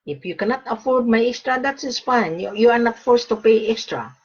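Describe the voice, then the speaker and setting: A woman's voice: a little high, lively intonation, a little fast, slightly rough. A woman broker talking straight to camera, blunt and emphatic, repeating her points as she gives advice. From Australia. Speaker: gold and diamond broker. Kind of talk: direct-to-camera advice talk. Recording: dull lo-fi recording.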